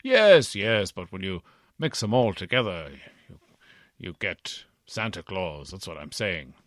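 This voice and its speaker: In clean studio audio without echo, a low male voice swings widely in pitch at a measured pace. The character is a self-important, bumbling old Santa whose accent wavers between Midlands and posh English, rambling pompously and dodging questions for a comedy podcast sketch.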